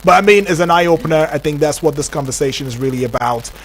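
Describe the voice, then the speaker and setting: Brief: Nigerian male radio talk host, fairly high voice, animated and expressive, faint noise behind. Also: fast talker. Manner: animated, acts out quoted voices. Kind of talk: radio talk show discussion.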